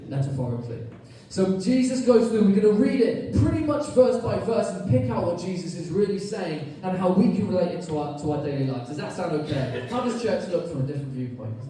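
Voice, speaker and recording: A man preaching a sermon in a lively, chatty way, joking with his congregation. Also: high voice, brisk, few pauses, a little hiss or hum. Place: church hall. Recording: echoey church from far off.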